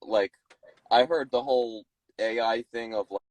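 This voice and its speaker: A man's voice: mid-range voice, a little slow, low-quality recording. A man co-hosting a podcast, chiming in with short replies in casual chat. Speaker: podcast co-host.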